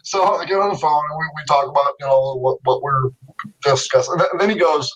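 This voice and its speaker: A middle-aged man telling stories as a guest in a casual interview, animated, laughing often and acting out what others said. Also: a little high, fast talker, breathy edge, muffled recording. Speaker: guest artist. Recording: distant from the mic.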